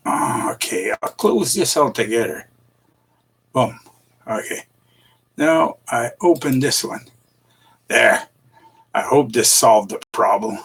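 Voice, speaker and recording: A middle-aged man chats with his livestream audience at a leisurely, unhurried pace. His voice sits at an ordinary pitch, and he rambles and chuckles, stumbling and restarting as he speaks. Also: animated, creaky, fairly bright tone, slightly rough. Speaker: live streamer. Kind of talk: casual livestream chat with viewers.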